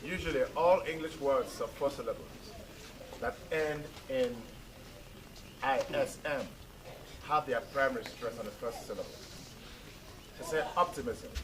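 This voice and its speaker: A man's voice: mid-range voice, measured pace, long pauses. A male teacher in a school classroom, drilling pronunciation and talking to his students with rhetorical questions. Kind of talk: classroom lesson and talk to students. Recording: noisy classroom recording.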